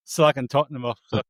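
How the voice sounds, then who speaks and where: A man's voice: mid-range voice, no room sound. A man, co-hosting a podcast in casual chat, telling stories with many restarts and self-interruptions. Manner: rambling, self-interrupting storyteller. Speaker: podcast co-host.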